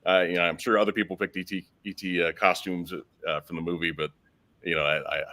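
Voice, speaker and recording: A man in his fifties chatting casually on a group video panel, halting and repeating words as he goes. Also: deep voice, flat delivery, pushed and bright. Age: 50s. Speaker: panel guest.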